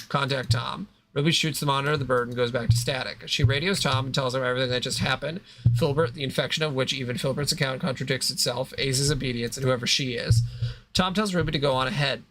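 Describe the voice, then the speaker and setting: Bright-voiced man reading a story game aloud. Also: mid-range voice. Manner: reads narration plainly, breaking into asides and laughter. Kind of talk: casual reading aloud on a livestream.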